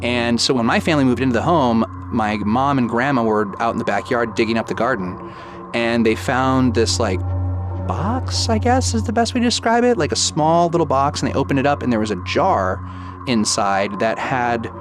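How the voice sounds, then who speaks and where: A man in his thirties, a guest storyteller, casually recounts a personal ghost story with music playing behind him. His medium-pitched voice moves at a normal speed, and he livens up the retelling by acting out the quoted dialogue and saying "like" a lot.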